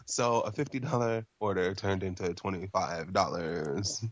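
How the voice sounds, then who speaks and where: A young man on a podcast, telling a story in a lively casual way, swearing freely. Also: sits low, a little slow, dry recording. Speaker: podcast co-host.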